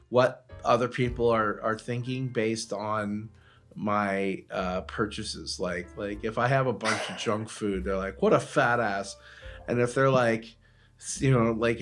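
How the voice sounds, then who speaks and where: Wry man riffing on a podcast. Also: fairly low pitch. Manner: wry, self-mocking riffing. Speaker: podcast co-host. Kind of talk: casual chat.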